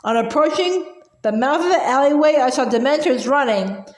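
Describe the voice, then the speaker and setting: A woman's voice: sits high, normal speed, lightly acted. A woman doing a quavery, nervous old woman. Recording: roomy echo.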